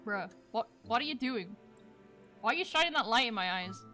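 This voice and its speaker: A woman's voice: on the high side, expressive, fairly quick, pushed and bright, faint music behind. A woman reading the lines of a confused young hospital patient with no memory, in a bewildered, questioning way, from a visual novel.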